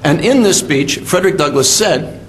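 An older man, a history professor, giving a measured academic lecture with fillers and self-corrections. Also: on the high side, expressive, a little hiss or hum. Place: symposium hall.

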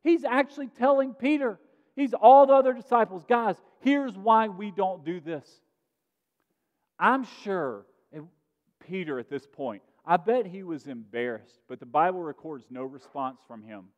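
A man preaching a sermon as pastor, earnest, pushing his voice up for emphasis and then dropping to a quiet tone. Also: high voice, lively intonation, a little slow. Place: church sanctuary. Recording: muffled sound in a reverberant sanctuary.

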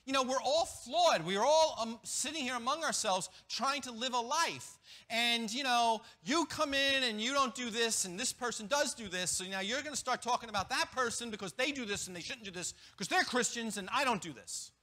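A man preaching a sermon as pastor, animated, with quick restarts and acted-out asides. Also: very high-pitched. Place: church.

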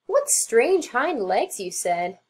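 A woman's voice: on the high side, big pitch swings, slow pace, slight background noise. A woman doing a scornful fat old mouse. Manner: scornful and snorting. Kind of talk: storybook read-aloud.

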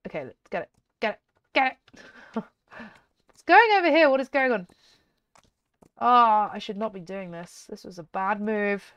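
A woman giving chatty, excitable let's-play commentary as a gaming YouTuber, often giggling. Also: medium pitch, no echo.

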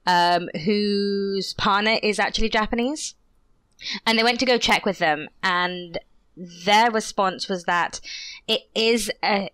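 A woman co-hosting a podcast, explaining things in a measured, casual way. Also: medium pitch, fairly bright tone, no room sound. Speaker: podcast co-host. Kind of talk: casual chat.

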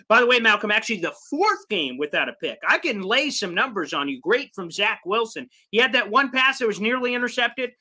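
A man with a sharply bright, forceful voice hosts a live sports fan show. He rants with exasperation, one moment shouting, the next dropping to a low mutter. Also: sing-song, a little fast, few pauses. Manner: fired-up and exasperated, swings between loud rants and low mutters. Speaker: sports podcast host.

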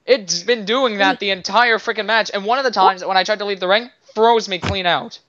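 A woman's voice: mid-range voice, a little fast, a bit bright. A woman on game voice chat, exasperated and complaining about lag and bugs, swearing now and then. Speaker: player in an online wrestling game. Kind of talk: casual gaming voice chat. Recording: muffled voice chat with faint noise.

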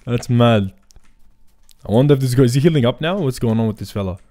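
A young man giving casual, excitable gameplay commentary full of slang. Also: mid-range voice, quick pace, no echo. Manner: excitable, slangy, says "bro" constantly. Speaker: gaming video creator.

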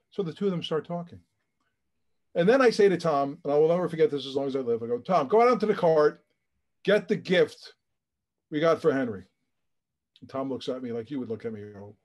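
Animated storytelling man, higher voice. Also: fairly quick, pauses often. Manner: acts out quoted voices, emphatic and emotional. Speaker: charity founder, guest.

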